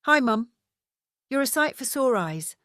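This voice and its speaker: A woman doing a dry, calm male investigator. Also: very high-pitched, unhurried, no echo, voice pushed up, exaggerated voice.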